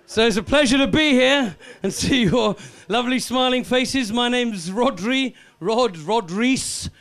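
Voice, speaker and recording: A man's voice: extremely high pitch, unhurried, a bit bright. A Welsh man doing a live stand-up comedy set, cheekily teasing and chatting with the audience. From Wales.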